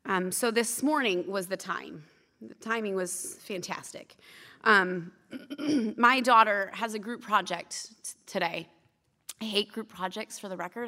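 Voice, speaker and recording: A woman's voice: medium pitch, lively intonation, moderate pace, bright, forceful tone. A woman in her thirties preaching at church, telling candid, self-deprecating stories between scripture teaching. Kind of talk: sermon.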